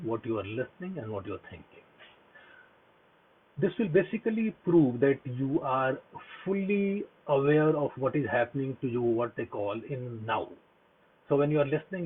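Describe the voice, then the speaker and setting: Husky man over a tinny line. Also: mid-range voice. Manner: earnest, repetitive, many fillers and restarts. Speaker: speaker giving a talk on mindfulness. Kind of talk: earnest motivational talk.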